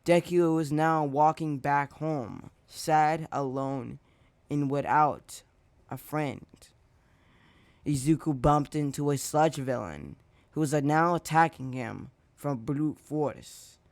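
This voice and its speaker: Slow rambling storytelling man. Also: a little high, dry recording. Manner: rambling with slips and self-corrections. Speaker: storyteller and channel host. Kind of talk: casual fan-fiction narration.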